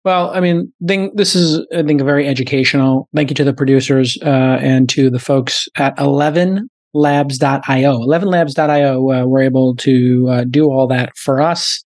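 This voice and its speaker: A man hosting a podcast, riffing quickly in casual chat at a studio mic. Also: mid-range voice, steady tone, a little mellow, no echo. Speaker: podcast host.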